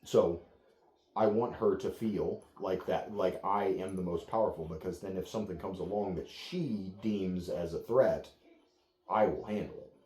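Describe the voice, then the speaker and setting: A man working as a dog trainer, explaining to clients in a calm, steady, plain-spoken way. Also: sits low, a little slow, roomy sound.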